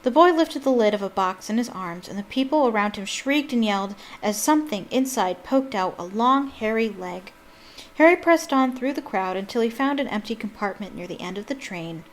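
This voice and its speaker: A woman's voice: fairly high pitch, animated, normal speed. A woman reading a novel aloud expressively, breaking off for chatty asides with ums.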